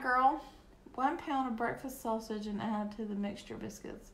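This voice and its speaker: A chatty young woman with a Southern US drawl talks slowly and easily as she paints on a live stream. Her voice sits a little high, and she keeps up friendly banter with viewers. The sound is echoey, with a faint hum of room noise underneath. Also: fairly bright tone. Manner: chatty, reads and answers viewer comments. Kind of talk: casual chat while painting live.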